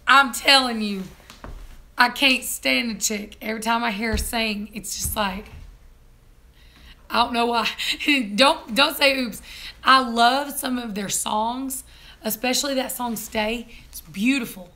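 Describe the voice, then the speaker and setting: A hoarse woman, hosting a casual live-stream chat, chatty and quick to laugh. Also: fairly high pitch, bright, forceful tone. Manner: chatty, laughs often, teasing. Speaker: vlog host.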